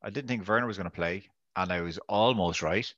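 Low, dry-voiced co-host. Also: male voice, fairly quick, fairly bright tone, no echo, muffled recording. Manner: wry, self-mocking. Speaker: podcast co-host. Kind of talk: casual podcast chat.

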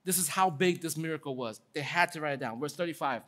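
A man pastor delivering a sermon in a lively, conversational way, acting out quotes with casual asides. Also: on the high side, quick pace.

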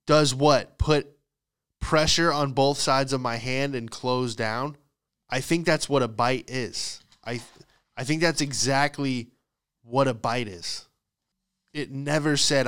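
A man in the middle of a comic rant, exasperated and profane, with his voice rising as he gets worked up. His tone is smooth and clear at an average pitch, and he hosts a podcast. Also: a little slow. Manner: profane, exasperated, animated ranting. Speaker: podcast host. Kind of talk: comedic storytelling monologue.

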